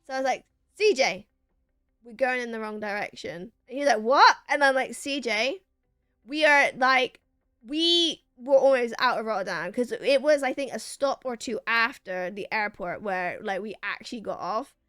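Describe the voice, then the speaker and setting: A woman's voice: fairly high pitch, moderate pace, clean tone, no room sound, studio quality. A young woman streamer telling a rambling story to her chat, acting out what people said. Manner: animated, acts out quoted lines, rambling restarts.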